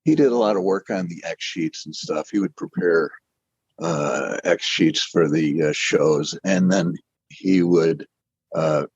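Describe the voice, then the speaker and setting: A man's voice: deep voice, measured pace, husky, dry recording, dull audio. An older man telling his career story in a rambling, self-deprecating way, often restarting his sentences. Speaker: interview guest, animator. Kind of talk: casual storytelling.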